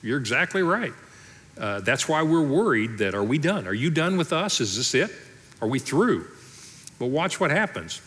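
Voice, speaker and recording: Male pastor, mid-pitched, preaching conversationally, acting out story voices; reverberant church hall. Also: very animated, moderate pace, a bit bright. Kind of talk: sermon. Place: church auditorium.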